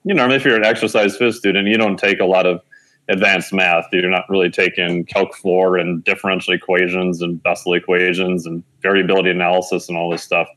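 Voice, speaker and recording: A man in his forties with a slightly low voice tells a personal story in a loose, chatty way. He fills pauses with "uh" and "you know" and often corrects himself mid-sentence. When he quotes other people, his pitch leaps up as he acts out their lines. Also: rough recording. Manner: animated storyteller who acts out quoted dialogue with lively pitch jumps; conversational, with frequent fillers and self-corrections. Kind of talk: storytelling in an interview.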